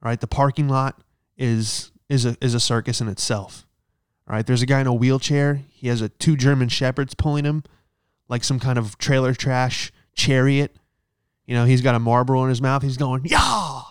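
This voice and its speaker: A man's voice: medium pitch, level tone, moderate pace, clean tone, dry recording, studio quality. Brash, profane man ranting comically. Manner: brash, profane, keeps asking "all right?". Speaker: comedian. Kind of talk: stand-up style rant. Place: hotel room.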